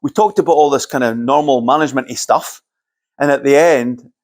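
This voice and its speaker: A man's voice: medium pitch, brisk. Man, Scottish accent, middle-aged, keynote speaker, anecdotal, conversational, dry humour. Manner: conversational, anecdotal, lightly joking. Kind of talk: storytelling talk to a live audience.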